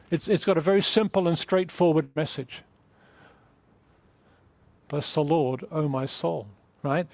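A male preacher delivers an earnest, emphatic sermon, his voice sitting a little high for a man. He often restarts phrases as he teaches. The sound is dry and close, with no room echo. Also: a little mellow. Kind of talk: sermon with closing prayer.

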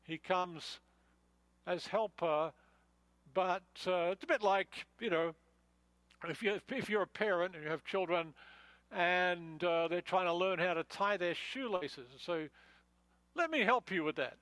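Man, sermon, conversational, fillers and restarts, fairly high voice, dry room. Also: measured pace, a bit bright, no echo, rough recording. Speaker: pastor. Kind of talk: expository sermon.

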